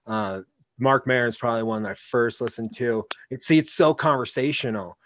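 Male podcast host, relaxed and reflective, dry sound. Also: mid-range voice, brisk, no room sound. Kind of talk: casual interview talk.

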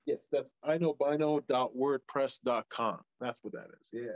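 A man's voice: mid-range voice, normal speed, dry recording, highs cut off. A male wrestler as interview guest, talking casually, hesitant and full of fillers. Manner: hesitant, filler-heavy, laid-back.

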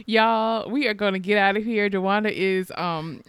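A woman's voice: mid-range voice, measured pace. A woman co-hosting a podcast in casual chat, blunt and reassuring, swearing freely. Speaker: podcast co-host.

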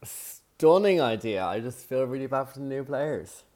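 A man's voice: mid-range voice, expressive, moderate pace, darkish tone. A man co-hosting a podcast, a former contestant who chats enthusiastically and gossips about the players. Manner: enthusiastic, gossipy, drops his voice to mimic people. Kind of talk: casual recap chat.

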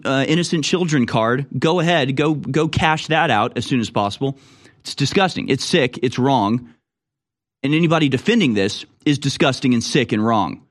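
A man's voice: medium pitch, normal speed. A man hosting a political commentary show, reading news stories aloud and reacting with indignant, mocking remarks. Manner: indignant, mocking, puts on voices for people he quotes. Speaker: political talk show host.

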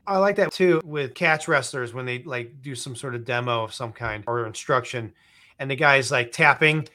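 A man's voice: medium pitch, moderate pace, bright, forceful tone. A man hosting a podcast, chatting casually and agreeing along with his guest. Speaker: podcast host. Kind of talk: casual interview.

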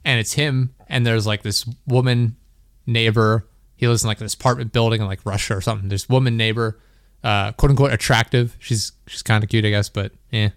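With fairly even intonation and a voice on the low side, a young man hosting a podcast speaks a little fast in casual chat. He tells a story in a rambling, laughing way, full of "like," in a dry, studio-quality recording.

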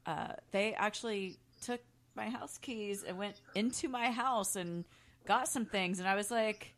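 A woman's voice: medium pitch, measured pace, a bit bright. A woman chatting as a guest on a talk show, playful and laughing easily. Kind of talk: casual chat.

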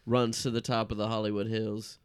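A man's voice: fairly low pitch, little pitch movement, fairly quick, clear, resonant tone. A young adult man hosting a comedy podcast, improvising a story and chuckling as he narrates. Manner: giggly, chuckles while narrating.

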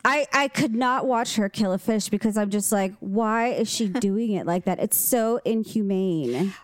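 A woman chatting casually as a podcast co-host, expressive and quick to react. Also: medium pitch, no room sound. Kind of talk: casual chat.

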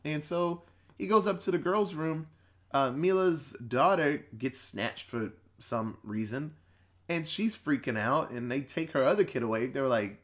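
A man's voice: mid-range voice, normal speed. A man on a podcast casually retelling a horror movie plot, rambling and swearing, quoting the characters as he goes and laughing between points. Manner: profane, rambling storytelling with quoted voices. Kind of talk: casual movie recap chat.

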